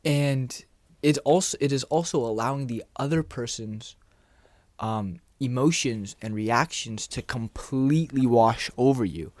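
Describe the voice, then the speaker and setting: A man's voice: mid-range voice, measured pace, dry recording. Male self-help coach, easygoing delivery, mid-range voice, dry close recording. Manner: relaxed, conversational, acts out little dialogues. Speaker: dating and confidence coach. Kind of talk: casual talking-head advice.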